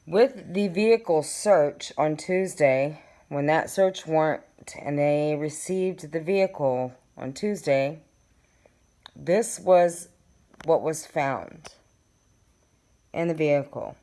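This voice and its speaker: A low-pitched woman speaks slowly and casually, addressing her viewers directly as she works through case papers. She turns emphatic and indignant when driving home a point. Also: dark tone. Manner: chatty, addresses viewers directly, reads documents aloud. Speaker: true crime vlogger. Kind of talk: casual talk to camera.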